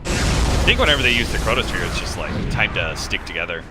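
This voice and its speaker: A man casting a video game match play-by-play, getting loud and excited at the big fights. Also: on the low side, fairly quick, loud music behind the voice. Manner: excited shouting at big plays. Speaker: esports caster. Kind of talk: play-by-play commentary.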